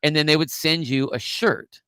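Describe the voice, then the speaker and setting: A man's voice: on the high side, moderate pace, bright, forceful tone, clean tone, dry recording. A middle-aged man co-hosting a podcast, rambling through an old memory in casual chat with frequent restarts. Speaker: podcast co-host.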